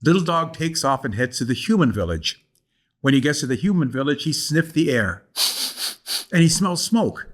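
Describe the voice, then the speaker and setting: A man's voice: fairly high pitch, big pitch swings, moderate pace. An older man, a guest storyteller, telling a folk tale aloud in a rhythmic, repeating cadence. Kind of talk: oral storytelling.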